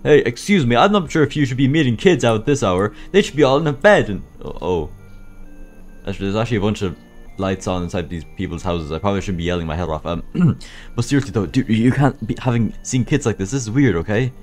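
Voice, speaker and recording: A man's voice: lowish voice, expressive, quick pace, soft background music, natural voice. A man voicing a goofy, whiny animatronic bear who stammers as he talks in a game machinima. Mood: indignant.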